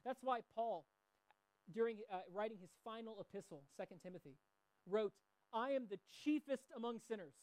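A man's voice: high voice, normal speed, a little mellow, no echo, low-quality recording. A middle-aged man preaching a sermon in a conversational way, mixing scripture with personal stories. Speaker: pastor.

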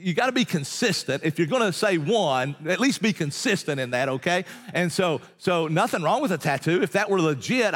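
A man delivers a sermon in a conversational, emphatic way, throwing rhetorical questions at his congregation. His voice sits a bit high for a man. The sound rings with the long reverb of a large church hall. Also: fairly bright tone. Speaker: pastor.

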